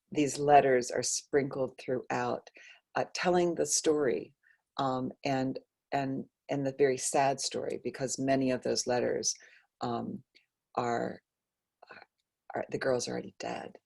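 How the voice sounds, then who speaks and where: A woman author talking about her book over a video call, halting with many fillers and restarts, and losing her voice. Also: a bass voice, creaky, a little mellow, husky. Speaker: author guest. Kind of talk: conversational book talk.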